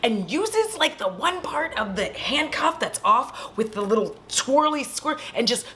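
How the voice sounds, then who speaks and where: A woman's voice: on the high side, unhurried, slight background noise. A woman vlogger at home, retelling a horror movie in a casual, profane way with chatty asides to her viewers. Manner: animated, swears freely, chatty asides to viewers.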